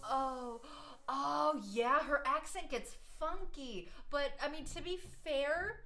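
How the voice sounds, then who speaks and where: An American woman chatting casually on a live stream, telling rambling, animated stories. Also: high voice, slow pace, soft background music. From United States. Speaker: streaming artist.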